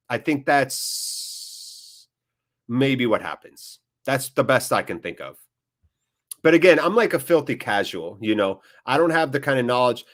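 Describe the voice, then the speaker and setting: A man hosting a live football watchalong, chatting casually, joking, getting excited and reading out viewer comments. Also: medium pitch. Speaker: watchalong host.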